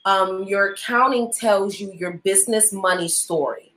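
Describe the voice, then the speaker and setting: A woman's voice: mid-range voice, measured pace, a bit bright, reverberant. A woman guest who runs an accounting business, talking candidly and telling her story in a rambling, casual way. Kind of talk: casual interview chat.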